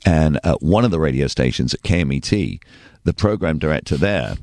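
English man, extremely deep voice, animated storyteller, dry close sound. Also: brisk, no echo. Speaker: radio DJ guest. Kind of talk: casual interview storytelling.

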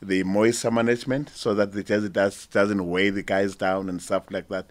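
Low monotone guy, brand rep explaining tech stuff in corporate speak. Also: moderate pace. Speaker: sportswear brand representative. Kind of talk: radio interview answer.

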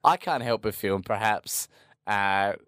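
A man's voice: fairly low pitch, unhurried, fairly bright tone, smooth, dry recording. Joking man, dry close sound. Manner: jokey, punning, puts on silly voices. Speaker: podcast co-host. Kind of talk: casual chat.

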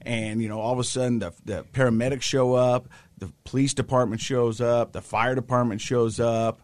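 A man in his thirties co-hosting a casual chat show, telling a story with lively acted-out quotes. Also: medium pitch, normal speed, dry recording. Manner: animated storyteller who acts out quotes. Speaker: podcast co-host.

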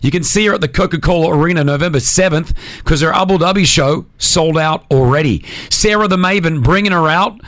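A man hosting a radio show, energetic and teasing as he runs a game with a guest. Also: on the high side, a little fast, no room sound, clean studio sound. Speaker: radio host. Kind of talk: radio show chat and interview.

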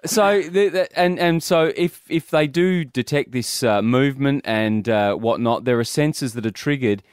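A man's voice: medium pitch, moderate pace, clear, resonant tone, no echo, studio quality. A middle-aged man hosting breakfast radio, bantering casually and rambling through his points with chuckling asides. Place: radio studio. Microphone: studio broadcast mic.

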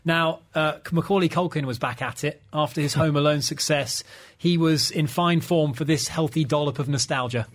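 A man's voice: a little high, normal speed, hardly any pauses. A man hosting a casual film podcast, chatty and full of trivia. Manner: chatty, trivia-telling, laughs often. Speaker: podcast host.

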